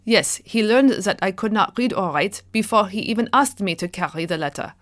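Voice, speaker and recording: Woman voicing a scared young prisoner, high pleading voice, alarmed, dry close sound. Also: lively intonation, moderate pace, fairly bright tone, dry recording. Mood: explaining. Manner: pleading, protesting in a raised voice. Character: frightened young German prisoner, illiterate.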